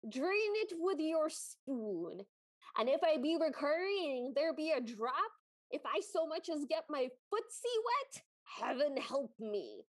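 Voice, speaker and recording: A woman voicing a grumpy, contrary male troll with slow, commanding, old-fashioned phrasing. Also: very high voice, sing-song, no room sound, full character voice. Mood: gruff bossy.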